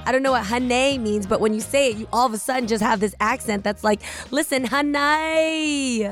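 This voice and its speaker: A woman's voice: a little high, steady tone, quick pace, soft background music. A woman in her forties from the San Francisco Bay Area, hosting her podcast in a candid, chatty manner with casual slang. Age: 40s. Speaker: podcast host.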